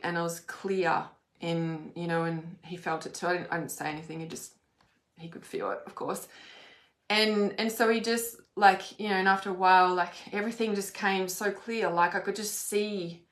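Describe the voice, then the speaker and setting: A woman of middle pitch recounts a personal experience in loose, rambling speech. She fills her sentences with "like" and swears freely. Her voice carries a roomy echo. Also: fairly bright tone. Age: adult. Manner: rambling, fillers like "like", frequent swearing. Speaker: spiritual vlogger. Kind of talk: casual personal storytelling.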